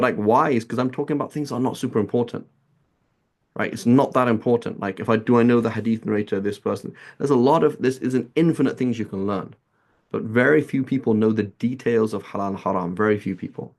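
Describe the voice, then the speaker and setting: A man's voice: fairly low pitch, darkish tone. A man teaching a religious lesson in a casual, chatty way, peppering his talk with "right?" and "like". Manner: chatty, many "right?" and "like" asides. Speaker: teacher of a hadith class. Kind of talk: casual lecture with anecdotes.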